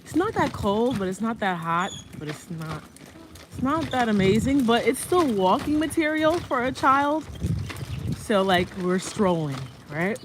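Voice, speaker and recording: A woman's voice: on the high side, very animated, measured pace. A woman walking outdoors with a stroller, chatting casually and rambling about her art, often laughing. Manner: rambling, laughing, talks to her baby in a sing-song voice. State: pushing a stroller while walking. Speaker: vlogger and artist. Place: outdoors on a walk. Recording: noisy outdoor phone recording.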